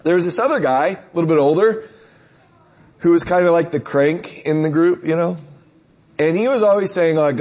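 A man's voice: fairly high pitch, moderate pace, a little mellow. A man preacher delivering a conversational sermon, telling stories and asking rhetorical questions.

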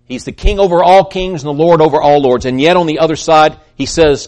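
A man preaching a sermon, swinging between loud emphatic peaks and hushed, soft passages, often repeating words as he builds. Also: a little high, fairly quick, few pauses. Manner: repeats words when excited.

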